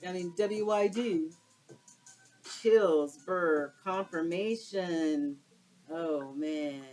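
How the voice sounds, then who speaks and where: A woman's voice: sits low, a little mellow, poor audio. A woman doing a casual tarot card reading for her viewers, exclaiming and using slang as she turns the cards. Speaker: tarot reader.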